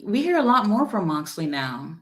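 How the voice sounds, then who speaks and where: A woman guest chatting casually on a wrestling show, her voice at a middling pitch. She jumps in now and then to push back on the others. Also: sing-song, normal speed.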